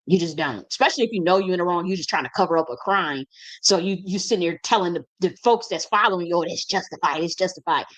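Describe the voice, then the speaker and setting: A woman's voice: fairly low pitch, expressive, quick pace. A woman speaking as a spiritual teacher in an impassioned monologue, blunt and profane, repeating phrases for emphasis.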